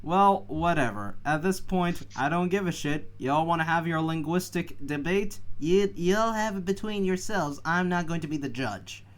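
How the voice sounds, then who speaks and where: A man co-hosting a casual podcast, swearing freely and laughing through his own ideas. His voice sits a little high for a man, and he swings into loud, excited outbursts. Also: normal speed, few pauses. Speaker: podcast co-host. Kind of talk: casual chat.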